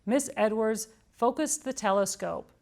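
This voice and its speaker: A woman's voice: a little high, measured pace, gravelly, darkish tone. Woman reading a picture book aloud. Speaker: storytime reader. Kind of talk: children's storybook read-aloud.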